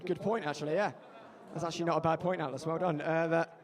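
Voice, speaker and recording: A man's voice: fairly high pitch, fairly even intonation, brisk. A man doing a live stand-up set, rambling and self-mocking, with lots of fillers and restarts. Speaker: stand-up comedian. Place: live comedy bar with audience. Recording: echoey bar with audience laughter.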